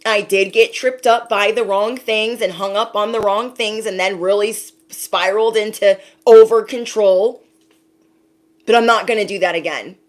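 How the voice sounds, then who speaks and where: A woman, an intuitive card reader, giving a casual spiritual reading to her viewers, talking emphatically with a lot of repetition and some casual swearing. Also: medium pitch.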